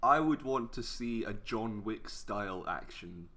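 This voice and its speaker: A young man with a low but bright, forceful voice chats casually as a podcast co-host. He talks offhandedly, trails off mid-sentence and drops the odd swear word. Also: animated, unhurried. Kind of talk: casual chat.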